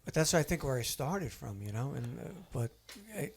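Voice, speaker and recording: A man's voice: medium pitch, expressive, moderate pace, a little hiss or hum. A man guesting on a podcast as a rock singer, telling laid-back stories and laughing often. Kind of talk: casual chat.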